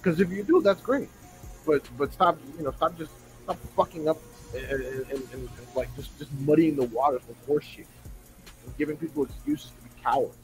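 A man's voice: on the high side, moderate pace, soft background music, low-quality recording. A man on a podcast, ranting in a profane, exasperated way and mocking fans in put-on voices. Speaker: podcast co-host. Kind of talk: heated casual podcast rant.

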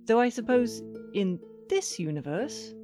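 A woman's voice: on the high side, very animated, a little slow, over music. A woman voicing a nervous, apologetic British man in a bathrobe, fussy and easily exasperated.

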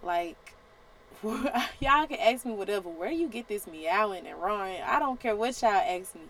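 A woman's voice: mid-range voice, lively intonation, unhurried, a bit bright, slight background noise, poor audio. A woman hosting a podcast, giving a faith-based motivational talk in an emphatic, exhorting, colloquial way. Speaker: podcast host.

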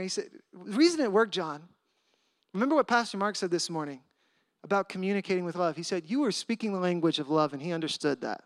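A man preaching a sermon as a lively personal story, acting out the voices of the people in it. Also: sits high, quick pace, no echo, studio quality. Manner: animated, acts out voices in his story. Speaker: pastor.

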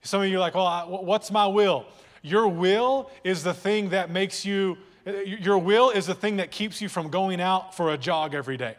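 Male pastor, fairly high voice, long church reverb, chatty repetitive preaching. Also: normal speed, few pauses. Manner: conversational preaching with repeated words and audience jokes. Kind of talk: sermon. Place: church hall.

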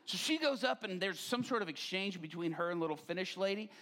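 Lively, high-voiced man preaching with humor. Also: fairly quick. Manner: animated, acts out quoted voices. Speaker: pastor. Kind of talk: humorous sermon storytelling.

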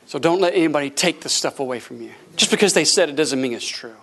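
A middle-aged man preaching to his congregation in a high, ringing voice. He drops to near whispers, then climbs to shouted praise, and tells stories with quoted dialogue as he goes. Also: animated, quick pace, creaky. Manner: preaches with swings from hushed to shouting. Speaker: pastor. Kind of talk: sermon. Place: church sanctuary before a congregation.

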